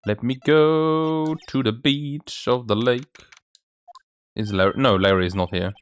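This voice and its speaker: A man's voice: unhurried, clean tone. A man hosting a let's play, reading the game's characters aloud in shifting voices. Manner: reads lines for several game characters with shifting pitch. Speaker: gaming channel host.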